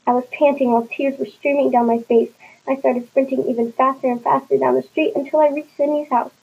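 A woman's voice: high voice, steady tone, fairly quick, slightly rough, narrow, tinny audio. A woman reading a first-person story aloud in a plain storybook manner, slipping into small voices for the dialogue. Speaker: narrator.

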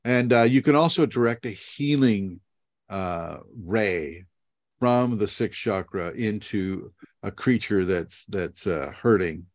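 A lower-pitched man answers questions on a video call, drifting into stories with many ums and self-mocking laughs. His voice sounds dry, with no room echo at all. He keeps an informal, teacherly tone. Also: lively intonation, takes it slowly. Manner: meandering, laughs at himself, many fillers.

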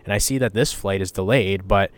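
Blunt, rambling young man with a smooth low voice. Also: a little fast. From western Canada. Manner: blunt, rambling, swears freely, laughs at himself; many fillers like "you know" and "like". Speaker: podcast host. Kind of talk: casual solo podcast chat.

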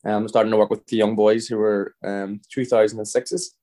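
A man's voice: on the low side, little pitch movement, normal speed, dark tone. A Northern Irish man in his thirties, a footballer guest telling rambling anecdotes in casual podcast talk, often checking in with the listener. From Northern Ireland. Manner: rambling, anecdotal, frequent restarts and "you know what I mean".

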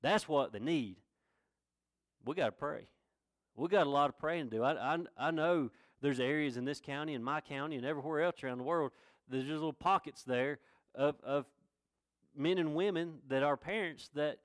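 A middle-aged man preaching a sermon in a folksy, earnest way, building to loud proclamations. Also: fairly high pitch, no room sound, studio quality. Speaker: pastor.

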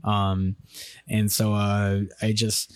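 A man co-hosting a casual podcast, relaxed and a bit hesitant, with many ums. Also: lowish voice, slow pace, clean tone, no room sound. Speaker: podcast co-host.

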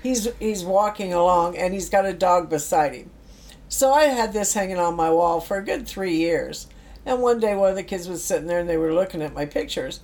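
Middle-aged woman, casual storyteller who acts out quotes, somewhat low voice, animated delivery. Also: fairly quick. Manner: animated storyteller acting out quotes, laughs often. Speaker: guest telling stories about work with youth.

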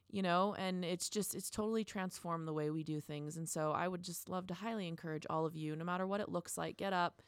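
A woman's voice: on the low side, a bit bright, smooth, no echo, studio quality. A woman in her thirties co-hosting a podcast, talking earnestly and encouragingly in long casual runs. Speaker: podcast co-host.

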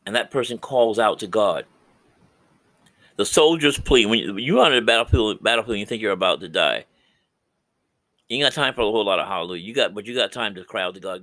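A middle-aged man hosting a faith podcast, preaching with passion and swinging from loud to hushed. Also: fairly low pitch, expressive, brisk. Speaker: podcast host and Christian counselor. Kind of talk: preaching-style podcast talk.

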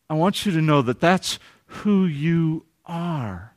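High-voiced, earnest male preacher. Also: takes it slowly, no echo, studio quality. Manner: earnest, swings from lively to hushed and tender. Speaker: pastor. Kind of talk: sermon.

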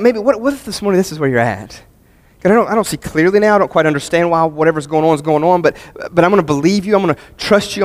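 Earnest high-voiced male pastor preaching. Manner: earnest, repeats phrases, rises to emphatic peaks then drops low. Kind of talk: sermon.

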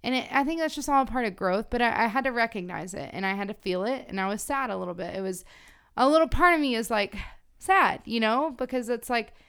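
A woman's voice: a little high, lively intonation, quick pace, a bit bright, clear, resonant tone. A young woman co-hosting a podcast, telling personal stories in reflective casual chat. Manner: reflective storytelling, frequent "like". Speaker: podcast co-host.

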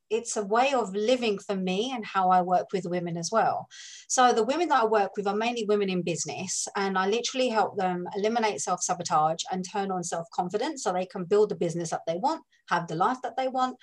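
A woman from London with a London accent, a guest on a podcast, talking about her coaching work in a chatty, relaxed way. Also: mid-range voice, fairly quick. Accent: London English. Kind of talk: conversational interview.

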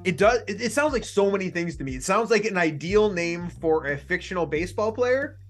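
A man's voice: high-pitched, expressive, brisk, faint music behind. A man hosting a casual sports betting podcast, chatty and jokey, laughing often. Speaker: podcast host.

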